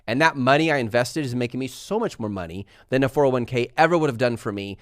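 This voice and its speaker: A young man hosting a live stream, chatting fast and laughing as he answers viewer questions. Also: mid-range voice, no room sound, clean studio sound. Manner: fast-talking. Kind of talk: live Q&A chat.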